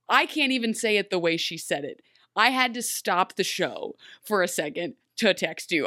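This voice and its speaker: A woman co-hosting a casual recap chat, animated and laughing as she acts out characters' lines. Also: medium pitch, normal speed, dry recording, studio quality. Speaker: podcast co-host.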